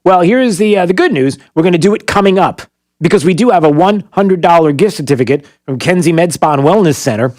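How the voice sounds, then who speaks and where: A man's voice: on the high side, fast, darkish tone, dry recording, clean studio sound. A man hosting a morning radio talk show, joking and rambling with lots of fillers and restarts. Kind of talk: casual morning radio chat.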